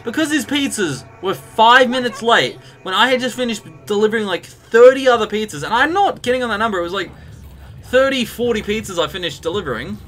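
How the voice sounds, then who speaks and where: Brief: young Aussie streamer, sharp tense tone, slightly high voice, rambling rants, soft game music underneath. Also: male voice, expressive, brisk. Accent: Australian. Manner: ranting, chatty storytelling. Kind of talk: live gameplay commentary.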